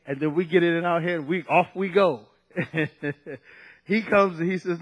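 A man's voice: high-pitched, moderate pace, lo-fi sound. A man preaching a sermon, conversational and at times emphatic, drawing out key phrases.

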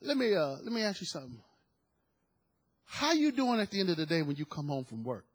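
Husky, animated male preacher. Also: a little high, a little fast. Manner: animated, rising to shouts of praise, acts out quoted voices. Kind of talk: sermon.

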